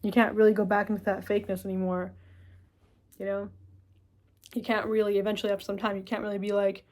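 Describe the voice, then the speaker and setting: A woman's voice: medium pitch, little pitch movement, fast talker, darkish tone. A woman talking casually to the camera in a rambling, reflective monologue. She curses freely and sometimes acts out her own inner voice. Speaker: vlogger.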